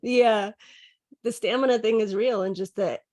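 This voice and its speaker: A woman's voice: on the high side, fairly even intonation, moderate pace, darkish tone, no room sound, clean studio sound. A woman co-hosting a podcast in casual chat, mostly adding short agreeing remarks. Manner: brief agreeing interjections. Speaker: podcast co-host.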